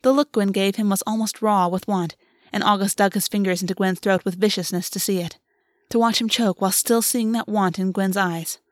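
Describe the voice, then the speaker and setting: A woman's voice: mid-range voice, steady tone, brisk, no echo. Woman reading fiction aloud, dry sound. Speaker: audiobook narrator. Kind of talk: scripted narration.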